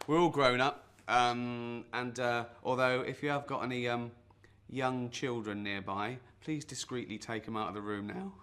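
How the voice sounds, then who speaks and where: A man playing David Brent, bright and awkward. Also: medium pitch, fairly even intonation, normal speed, few pauses, clear, resonant tone, lightly acted. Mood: awkward boastful. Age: 40s. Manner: rambling and awkward, full of ums and nervous chuckles. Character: self-deluded middle-aged male sales rep, awkward show-off. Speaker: would-be guitar teacher. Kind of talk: comic mock guitar lesson.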